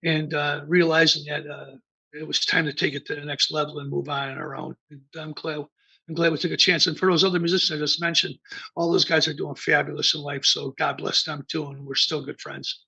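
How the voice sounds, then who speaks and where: A man's voice: fairly high pitch, level tone, brisk, gravelly, pushed and bright, slightly rough. A man in his sixties from the American Midwest, a band founder telling rambling stories as an interview guest, full of fillers and restarts. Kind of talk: casual interview storytelling. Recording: dull lo-fi remote interview audio.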